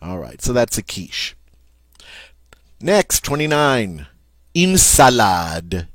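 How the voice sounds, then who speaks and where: A man teaching French vocabulary in a slow, patient way, saying each word twice and then explaining it. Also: mid-range voice, sing-song, fairly bright tone, no room sound. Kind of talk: vocabulary lesson.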